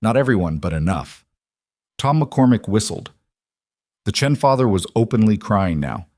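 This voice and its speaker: A male narrator reading a dramatic scripted story in a measured way. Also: on the low side, lively intonation, a little mellow, no echo, clean studio sound.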